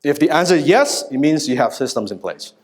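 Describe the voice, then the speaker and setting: A man in his thirties giving a live business seminar, telling stories in an animated, casual way with frequent asides and some swearing. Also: fairly high pitch, brisk. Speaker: business speaker. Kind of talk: live seminar talk to an audience.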